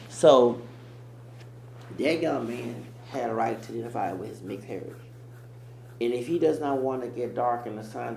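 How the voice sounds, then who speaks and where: A man's voice: medium pitch, creaky, dark tone. A man giving rambling, emphatic reaction commentary as host of his own channel. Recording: echoey room with faint hum.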